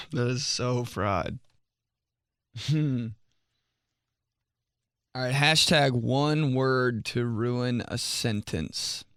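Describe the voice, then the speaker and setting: A man's voice: medium pitch, very slow, pauses often, pushed and bright, smooth, no room sound, clean studio sound. A young man hosting a podcast, telling comic stories in a casual monologue, laughing often and mimicking voices. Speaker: podcast host.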